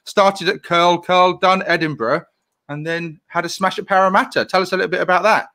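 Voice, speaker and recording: Bright-voiced chatty male host. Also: sits high, steady tone, a little fast. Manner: chatty, rambling, laughs often. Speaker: host of a live online interview. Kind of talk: casual live-stream interview. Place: home, live video call.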